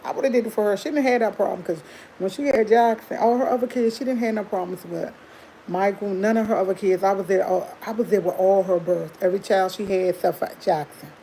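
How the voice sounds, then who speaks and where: A woman's voice: mid-range voice, steady tone, a little fast, mellow, slight background noise, low-quality recording. A woman hosting a livestream, chatting candidly to her viewers and laughing often as she tells a personal story. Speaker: livestream host.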